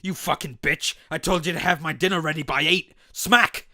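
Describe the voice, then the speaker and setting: A man's voice: on the high side, moderate pace, no echo, studio quality. A man doing a frantic violent puppet husband. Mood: furious panicky. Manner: shouting then frantic.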